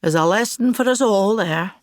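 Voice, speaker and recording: A woman's voice: medium pitch, normal speed, dry recording, clean studio sound, lightly acted. A woman with a Scottish accent playing a vain, grandiose older actress in a scripted comic monologue, pompous and gossipy. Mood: grand.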